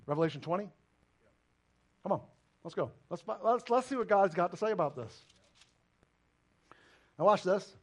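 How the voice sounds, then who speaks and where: There are long pauses in this man's expressive, high-set voice as he preaches at a normal pace. Acting as pastor, he puts pointed questions to the congregation, his emphatic intensity climbing and dropping.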